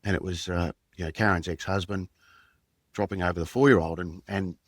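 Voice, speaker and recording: A middle-aged Australian man, a podcast guest and former police detective, telling a personal story in a halting, reflective way with many fillers and restarts. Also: sits low, steady tone, dry recording.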